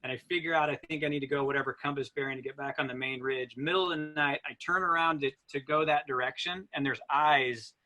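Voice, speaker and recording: Bright-voiced man telling a lively story. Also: mid-range voice, quick pace, hardly any pauses. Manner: lively, acts out his own thoughts. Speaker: guest runner. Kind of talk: animated storytelling.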